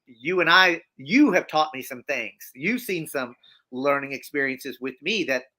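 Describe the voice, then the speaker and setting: A man, a guest in a conversational interview, telling his story in an animated, emphatic way with frequent restarts and repeated phrases. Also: mid-range voice, a little slow.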